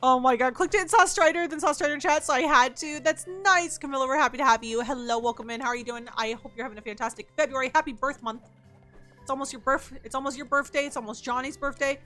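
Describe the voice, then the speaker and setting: A woman's voice: sits high, quick pace, sharp tone, faint music behind. A woman on a headset mic streaming a game, greeting and thanking her chat between profane, exasperated outbursts. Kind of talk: casual live-stream gaming chat.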